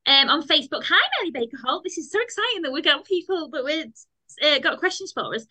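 British woman co-host, bright high voice, eager casual chat. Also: lively intonation, fast talker. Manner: eager, chatty questions. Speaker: podcast co-host.

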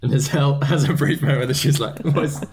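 A game master, narrating a tabletop game in an animated, hesitant way. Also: medium pitch, fast, over a noisy crowd.

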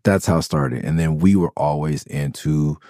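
A man's voice: extremely low pitch, normal speed, warm tone, no echo, clean studio sound. A man from Los Angeles hosting a podcast, telling rambling, profane stories about his early music days and correcting himself often. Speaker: podcast host. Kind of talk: casual storytelling about his music past.

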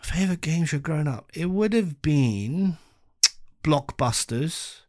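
A young man co-hosting a casual podcast chat, animated and drifting into a game show host voice. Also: fairly high pitch, slow.

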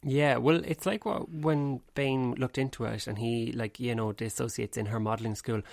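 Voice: mid-range voice, fairly even intonation, moderate pace, gravelly, darkish tone, no echo, clean studio sound. Rambling podcast co-host. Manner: rambling, full of "like" and trailing phrases. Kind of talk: casual chat.

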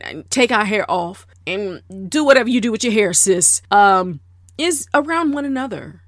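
A woman hosting a casual monologue, emphatic and deliberate, repeating words to drive her point home. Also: medium pitch, a bit bright, dry recording, clean studio sound. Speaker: podcast host.

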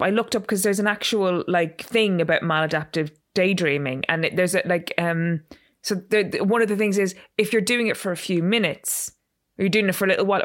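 A woman, co-hosting a podcast in casual chat, rambling and chatty, quick to laugh at herself. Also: mid-range voice. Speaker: podcast co-host.

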